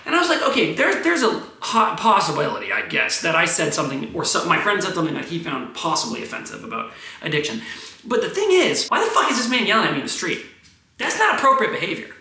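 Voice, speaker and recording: A man in his twenties rambling through a profane, animated vlog monologue. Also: fairly high pitch, quick pace. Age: 20s. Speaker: vlogger. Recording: roomy, echoey room.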